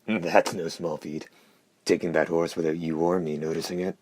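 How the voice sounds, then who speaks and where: A man voicing a hoarse, wryly probing talking hand in an audiobook, in a dry, mocking manner. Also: low-pitched, flat delivery, normal speed, a little mellow. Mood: amused. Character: hoarse wry talking left hand, male. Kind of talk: audiobook character voice.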